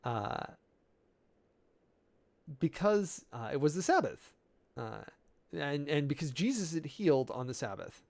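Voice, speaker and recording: Gravelly man musing through Greek text. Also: fairly high pitch, sing-song, darkish tone. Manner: musing and halting, with many fillers and self-corrections; amused by word details. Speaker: preacher. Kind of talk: informal sermon preparation, working through Greek text.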